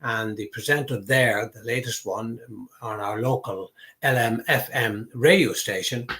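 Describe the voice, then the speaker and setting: A man talks alone about football refereeing in a mid-pitched voice. He explains his points emphatically and leans on key words by repeating them. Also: a little slow, bright, forceful tone. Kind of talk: solo opinion talk to camera.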